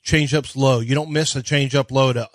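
A man co-hosting sports radio, breaking down pitching in an analytical way. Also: fairly even intonation, normal speed, no echo. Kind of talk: casual sports talk.

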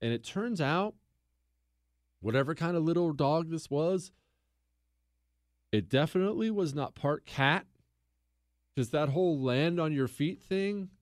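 A man hosts a talk show from a dry, close-miked studio, spinning a story with lively, joking energy. His voice sits a little on the higher side. He teases his co-host along the way. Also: measured pace, pauses often, dry recording.

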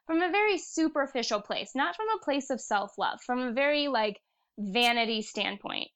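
A young woman guest on a casual podcast, telling personal stories in an earnest, animated way. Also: high voice, moderate pace.

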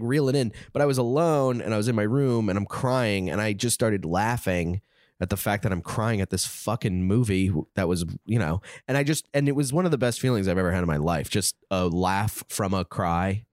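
Animated, lively-voiced man swearing freely. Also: on the low side, brisk, no room sound, studio quality. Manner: animated, profane, self-mocking. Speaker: podcast guest. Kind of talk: casual conversational chat.

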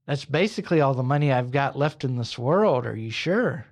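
A man's voice: medium pitch, expressive, normal speed. Man playing a nervous, stammering believer. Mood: pleading. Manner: hesitant, pleading, stammering restarts. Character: confused, nervous, faithful man gambling on a prayer.

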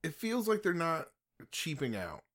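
A man's voice: a little high, wildly swooping pitch, unhurried, a bit bright. A man co-hosting a casual movie podcast, joking, swearing and laughing easily. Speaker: podcast co-host. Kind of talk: casual movie review chat.

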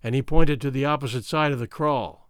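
A man's voice: mid-range voice, a little fast, smooth, no room sound, studio quality. A man narrating a classic adventure novel aloud in a dramatic, formal storytelling manner. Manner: lively, dramatic storytelling with an old-fashioned formal tone. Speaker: audiobook narrator.

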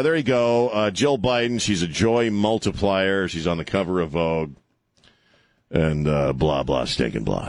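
In a radio studio, a man hosts a talk show full of casual banter, rambling and sarcastic and chuckling as he riffs. He speaks into a studio microphone with a fairly low pitch and no room sound.

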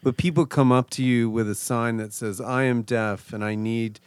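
Smooth-voiced man chatting on a podcast. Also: medium pitch, fairly even intonation, normal speed, no room sound. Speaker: podcast host. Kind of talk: casual chat.

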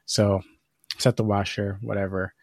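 A man's voice: fairly low pitch, flat delivery, unhurried, creaky, dry recording, studio quality. A man co-hosting a podcast, telling a long, profane story in casual chat. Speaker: podcast co-host.

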